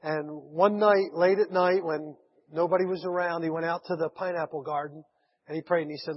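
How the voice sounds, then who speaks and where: A man's voice: a little high, steady tone, normal speed. A man preaching a sermon, telling a story with chuckles and acting out the people he quotes. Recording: echoey hall, dull lo-fi sound.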